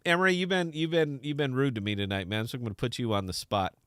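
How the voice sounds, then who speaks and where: A man's voice: medium pitch, fairly even intonation, fast talker, fairly bright tone, clear, resonant tone, no echo, studio quality. A man hosting a podcast in casual, unscripted chat, brash and profane, teasing his co-host.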